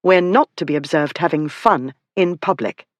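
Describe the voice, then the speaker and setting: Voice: medium pitch, moderate pace, no room sound, lightly acted. A narrator voicing a witty, outspoken young lady who speaks frankly. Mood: amused.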